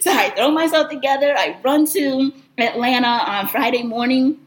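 A woman telling a personal story in an animated, expressive, conversational way. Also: high-pitched, normal speed, poor audio.

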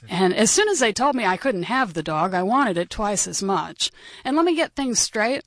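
A woman's voice: medium pitch, expressive, normal speed, dry recording. A woman in her forties telling a personal story as a radio show guest, with dry, wry humor.

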